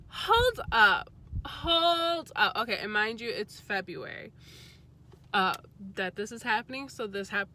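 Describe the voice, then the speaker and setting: A young adult woman vlogger telling a story in a casual, chatty way, candid and quick to swear. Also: medium pitch, sharp tone, slight background noise.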